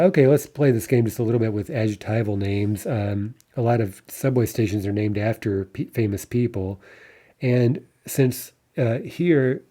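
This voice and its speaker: A man teaches a grammar lesson in a very dark, low-pitched voice. He explains patiently and often checks in with a quick "right?" He slows down and stretches out the example words so they can be heard clearly. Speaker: Russian language teacher. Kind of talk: lecture-style grammar lesson.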